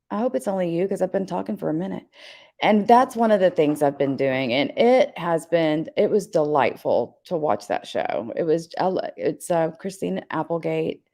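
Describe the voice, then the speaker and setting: Woman host, rambling casual livestream chat, voice on the lower side, greets viewers by name. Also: a little mellow.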